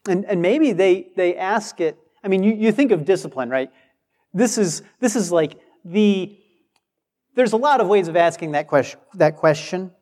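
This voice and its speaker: A man's voice: high-pitched, expressive, moderate pace, a little mellow. A man preaching a sermon with emphasis, acting out the replies he quotes. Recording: long hall reverb.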